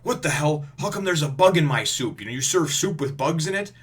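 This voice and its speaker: A man's voice: a little high, animated, brisk, husky, pitched above the performer's own voice. A man doing a pompous, hot-tempered naval officer. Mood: indignant.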